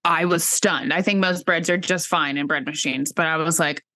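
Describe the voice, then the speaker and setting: A young woman co-hosts a relaxed podcast in a low voice. Her talk is loose and profane, often trailing off into fillers. The recording is dry, with no room sound. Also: moderate pace, dry recording. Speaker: podcast co-host. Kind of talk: casual chat.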